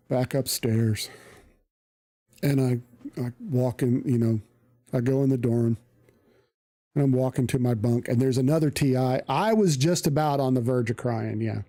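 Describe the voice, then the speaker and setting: Profane, animated man telling a story. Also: mid-range voice. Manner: profane, animated, acts out quoted voices. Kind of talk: casual storytelling.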